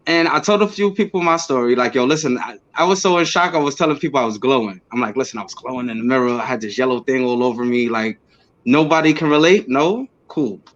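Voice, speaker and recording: A man talks as a guest in a casual interview. His voice sits in an ordinary middle pitch. He tells his story animatedly, jumping into quick, excited re-enactments of his own past words. The audio is a little muffled and lo-fi. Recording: slightly dull lo-fi audio.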